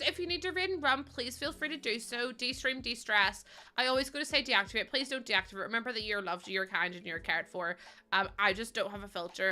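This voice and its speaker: A young Northern Irish woman chatting casually on a livestream, unfiltered and prone to laughter and sudden squeals. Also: fairly high pitch. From Northern Ireland. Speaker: streamer. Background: soft background music.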